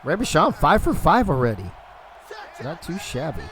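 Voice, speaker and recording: A man's voice: fairly high pitch, wildly swooping pitch, normal speed, very noisy. A young man calling a football video game live on a stream, loose and profane, talking to his chat between plays.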